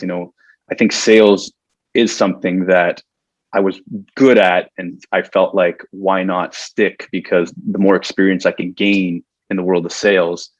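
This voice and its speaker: A man's voice: low voice, no echo, muffled recording. A man in his forties, a guest on an interview podcast, telling stories casually, laughing often and restarting his sentences. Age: 40s.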